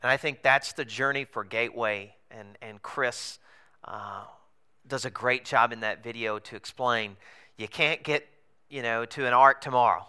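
Man, pastor, casual sermon storytelling, bright forceful tone, crisp smooth voice, chatty with chuckles. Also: medium pitch, moderate pace, faint music behind. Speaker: pastor planting a church. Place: theater in a comedy club.

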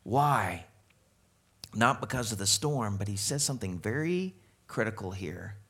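A man preaching a sermon as a pastor, animated and conversational, asking the congregation questions as he goes. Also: lowish voice, moderate pace, slightly rough.

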